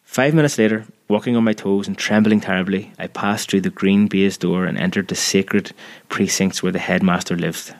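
A man with a fairly low voice reads a story aloud as scripted audiobook narration. His delivery is measured and vivid, drawing the listener through each scene. He keeps a steady storyteller's pace.

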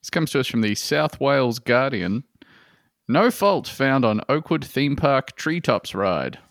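Australian man, dry deadpan podcast host. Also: mid-range voice, dry recording. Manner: deadpan jokey news reading, quick asides. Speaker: podcast host reading news stories. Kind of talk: casual comedic podcast banter.

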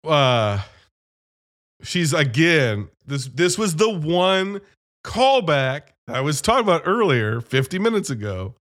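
A man chatting casually about a movie, animated and profane, retelling scenes as he goes. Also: a little high, slow. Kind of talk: casual movie review chat.

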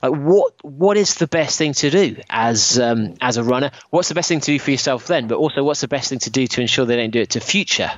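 A man hosting a podcast, telling a running story in a casual, animated way. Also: medium pitch, a little fast, few pauses, dry recording, highs cut off. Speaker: podcast host. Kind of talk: casual chat.

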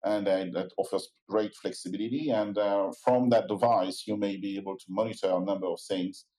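A man from France with a French accent, a company chief answering interview questions in a measured way with many uh pauses. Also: lowish voice, fairly even intonation, dark tone, low-quality recording. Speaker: company CEO, guest.

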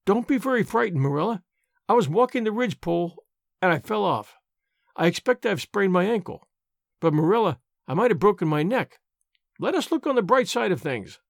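A man's voice: high voice, big pitch swings, a little fast, vocal fry, dry recording, clean studio sound, full character voice. A man reading aloud, voicing an earnest, dramatic young girl with solemn, wordy speech. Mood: pleading. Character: imaginative dramatic girl, eleven-ish, earnest.

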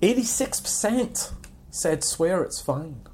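A man cohosting a casual banter podcast, animated and quick to laugh, hopping between topics. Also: sits high, a little hiss or hum. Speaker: podcast co-host.

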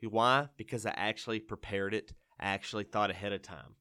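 A man's voice: lowish voice, fairly even intonation, a little fast, bright, forceful tone, clean tone. A man hosting a farm podcast, rambling and joking with many fillers. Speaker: podcast host. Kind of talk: casual comedic chat.

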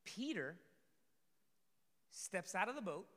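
A man preaching a sermon to a congregation, lively, swinging between loud emphasis and soft asides. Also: high-pitched, slow pace. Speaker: pastor. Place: church sanctuary. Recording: reverberant hall.

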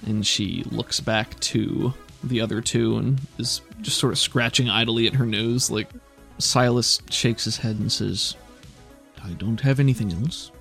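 A man narrating a tabletop game in a relaxed, meandering way, with a gravelly, creaky voice. He asks players what they do next. Faint music plays behind him. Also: lowish voice, a little slow. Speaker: game master.

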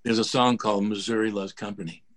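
An older man, a guest on a video call, telling animated stories and mimicking the voices of people in them. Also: fairly low pitch, fast. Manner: animated storyteller, mimics voices, laughs at himself. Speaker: guest, music producer. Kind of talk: casual storytelling interview.

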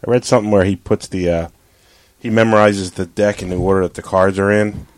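A man's voice: fairly low pitch, fairly even intonation, fairly quick. A man in casual chat, laid-back and curious.

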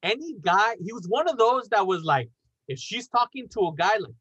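Young male podcast host, higher voice, animated casual storyteller who swears a lot. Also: moderate pace, breathy edge, no room sound. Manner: animated, swearing, acts out quotes.

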